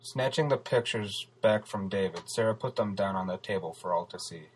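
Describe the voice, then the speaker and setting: A man reading a story aloud as narrator, steady and even. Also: lowish voice, normal speed, few pauses, breathy edge, poor audio. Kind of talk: audiobook narration.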